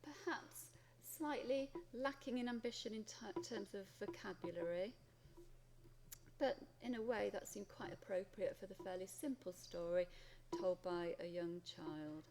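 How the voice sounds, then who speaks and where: A female English teacher with a Welsh English accent works through a pupil's story, reading passages aloud and then commenting on them. Her voice is gravelly and sits at a middle pitch. There is a steady hiss of noise in the recording. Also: unhurried. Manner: reads student text aloud then comments. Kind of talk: marking a student essay aloud.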